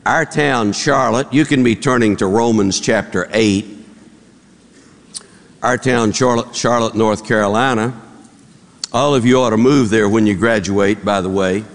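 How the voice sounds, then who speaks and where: A man's voice: fairly low pitch, unhurried. A male pastor preaching a sermon at a Bible conference, chatting in asides to the congregation. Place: large hall at a Bible conference. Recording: archival sermon with long hall reverb.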